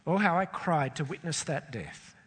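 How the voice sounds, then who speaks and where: A man reads a story aloud with deep feeling, lingering on pauses and letting his voice sink for the sad moments. His tone is husky and a bit breathy, and a long reverb hangs after each phrase, as in a large hall. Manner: expressive, emotional, with slow pauses. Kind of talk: dramatic story reading.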